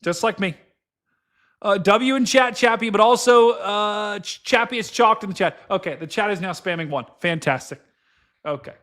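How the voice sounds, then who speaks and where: A young man hosting a casual weather livestream, excitable and quick to exclaim and laugh. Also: sits high. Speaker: livestream weather show host.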